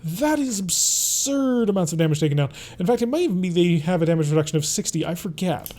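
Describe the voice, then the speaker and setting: A man talking through his game as he plays, relaxed and chatty, thinking aloud. His voice sits a bit high for a man but sounds soft and mellow, never sharp. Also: quick pace. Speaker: host. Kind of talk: let's play gameplay commentary.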